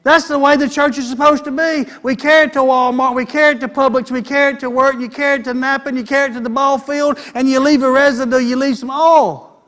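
A man's voice: very high voice, steady tone, quick pace, a bit bright. A man preaching a sermon in a folksy, conversational way.

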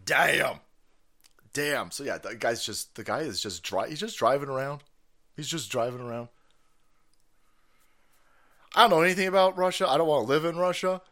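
A man's voice: medium pitch, animated, moderate pace, long pauses, sharp tone. A man ranting profanely and mockingly on his own stream as its host, laughing often. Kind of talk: profane political rant.

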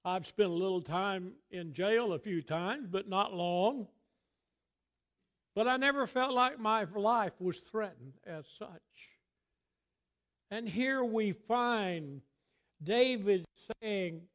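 Slow, high-voiced preacher man. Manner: swells loud then drops to near whisper, drawn-out phrasing. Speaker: pastor. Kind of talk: sermon.

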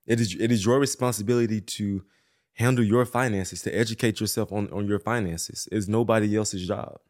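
A man in his thirties from Mississippi, a former pro football player hosting a podcast and talking in a relaxed, matter-of-fact way with Southern slang. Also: lowish voice, brisk. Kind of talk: casual chat.

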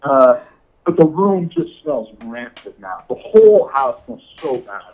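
Guy telling a dumb story on a podcast, keeps cracking up, pitch bounces all over, kinda muffled sound. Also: animated, measured pace, darkish tone. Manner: laughs often while telling a story, says "dude" a lot. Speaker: podcast guest. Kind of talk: casual storytelling.

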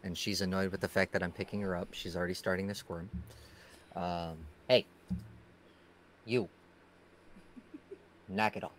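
A man's voice: low-pitched, steady tone, moderate pace, pauses often, a bit bright, a little hiss or hum. A man co-hosting a stream, joking and repeating words in casual chat. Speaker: stream co-host.

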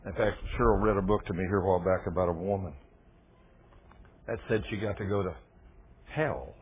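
A man preaching a sermon, telling stories dramatically and swinging from loud exclamations to hushed, low lines. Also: a little fast, slightly rough. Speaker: pastor. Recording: tinny phone-like sound.

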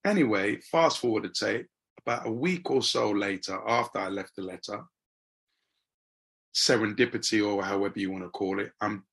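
A middle-aged man hosting a podcast, telling a personal story in an animated way. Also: on the low side, breathy edge. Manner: animated, acts out voices in anecdotes. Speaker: podcast host. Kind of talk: conversational storytelling.

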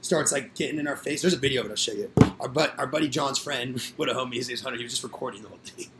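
Heavy background noise surrounds a young man's mid-range voice as he talks very fast. He's a podcast guest in a casual conversation, delivering crude, raucous stories and performing other people's words.

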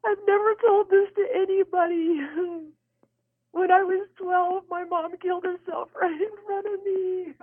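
A woman voicing an angry young female cashier who is fed up, shouting in a high, strained voice. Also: little pitch movement, unhurried. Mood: tearful, fragile. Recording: tinny phone line.

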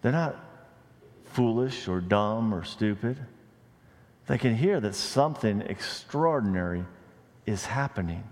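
This is a man preaching as a pastor, unhurried and pausing often, yet animated, with broad pitch movement that lifts on questions and falls low for emphasis. He mixes in offhand remarks and gentle jokes. Recorded in a church sanctuary with the long reverb of a large space.

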